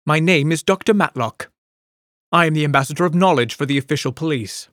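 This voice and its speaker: A man's voice: on the high side, brisk, a bit bright, dry recording, clean studio sound, lightly acted. A man voicing a stern, formal middle-aged woman official in an audiobook, speaking in a clipped, formal way.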